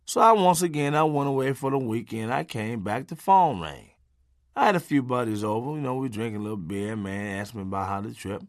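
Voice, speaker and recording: A man's voice: mid-range voice, animated, a little fast, no room sound, clean studio sound. A middle-aged man narrating his memoir in a punchy, folksy, conversational way with salty language.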